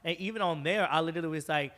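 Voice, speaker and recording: A young man from Georgia, a podcast guest, telling a story casually in animated, profane talk and acting out the people he quotes. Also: fairly high pitch, racing.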